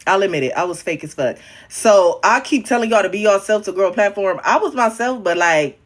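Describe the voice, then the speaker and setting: Blunt, animated young man livestreaming. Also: a little fast. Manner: frank, profane, animated, with sudden swings up and down in pitch and loudness; talks directly to viewers, calling them honey, babe and queen. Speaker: livestreaming social media creator. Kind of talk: casual livestream chat.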